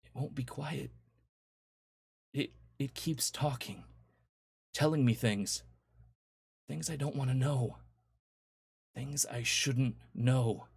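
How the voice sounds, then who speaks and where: A man's voice: mid-range voice, very animated, fast, hardly any pauses, breathy edge, no room sound, studio quality. A man voicing a haunted husband. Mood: frantic. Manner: hushed, haunted. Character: ordinary husband slipping into dread.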